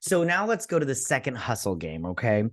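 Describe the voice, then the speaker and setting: A tipsy man co-hosting a casual movie review, rambling and animated as he tells stories. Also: mid-range voice, brisk. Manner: rambling, animated storyteller with many restarts. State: tipsy from drinking. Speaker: podcast co-host.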